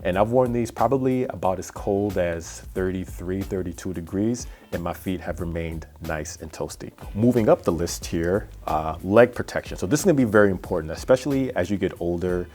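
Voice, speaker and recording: A man's voice: low-pitched, brisk, few pauses, darkish tone, soft background music. A man hosting a cycling vlog, chatting through a casual gear review in a rambling, self-deprecating way with plenty of fillers. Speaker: cycling vlogger.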